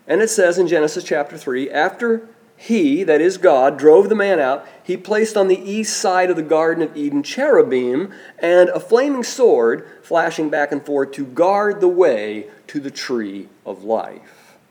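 A man preaching a sermon, slow and deliberate, letting his voice drop soft on key phrases. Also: on the high side, animated. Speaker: pastor.

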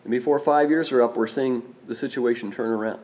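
A man preaching a sermon, speaking in a measured way, slowing down and repeating key phrases for emphasis. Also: mid-range voice, steady tone, darkish tone.

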